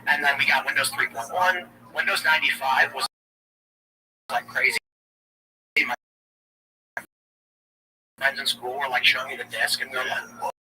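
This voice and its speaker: A man's voice: mid-range voice, steady tone, moderate pace, long pauses. A man in his late thirties hosting a livestream, telling rambling casual stories and laughing at his own jokes. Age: late 30s. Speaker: livestream host. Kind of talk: casual chat. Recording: distant mic with noisy ambience.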